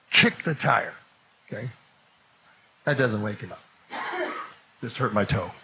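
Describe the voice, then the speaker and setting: Brief: male storyteller, bright and forceful, slightly high, plays all the parts, faint background noise. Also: poor audio. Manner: animated, acts out the dialogue, voice rising to shouts at the climax. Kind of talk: comic storytelling to an audience.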